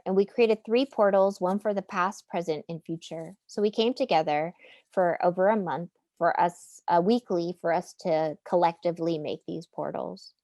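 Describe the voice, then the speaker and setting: A woman's voice: on the low side, darkish tone, dry recording. A woman artist giving an earnest, impassioned presentation over a video call. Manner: earnest, impassioned, rising to a rallying close. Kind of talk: prepared presentation in a webinar.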